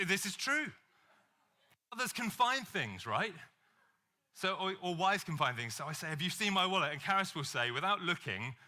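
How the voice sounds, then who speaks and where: Male preacher, playful storyteller, bright, slightly high voice. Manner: humorous storytelling, acts out quoted voices. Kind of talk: sermon.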